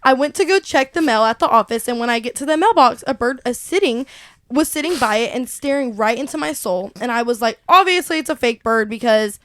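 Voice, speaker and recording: A young woman tells a story on a casual podcast, her voice pitched high and her telling animated. She laughs often and acts out what people said. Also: a little fast. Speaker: podcast co-host. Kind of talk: casual chat.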